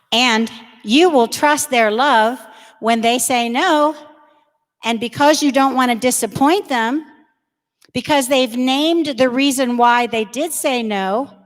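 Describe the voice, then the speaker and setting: Slow, earnest woman in a reverberant hall. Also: high-pitched. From United States. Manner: earnest, emphatic, acts out kids' voices. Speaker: religious education speaker. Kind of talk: church talk to parents and teens. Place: church hall. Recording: long reverb of a large hall.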